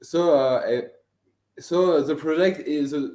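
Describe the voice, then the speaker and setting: A man's voice: on the high side, mellow, roomy sound. A young man from France with a French accent, a native French speaker, being interviewed about his student film and searching for his English words. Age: young adult. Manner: halting, searching for English words, laughs often. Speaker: guest filmmaker, animation student. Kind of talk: live video interview. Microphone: video call.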